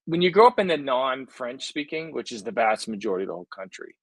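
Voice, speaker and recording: A young man from Canada chats as a podcast guest, rambling and animated, restarting his sentences as he tells stories. His voice sits at a medium pitch. The sound is dry and close, with no room around it. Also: fast, breathy edge, no echo, poor audio. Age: young adult. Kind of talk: casual chat.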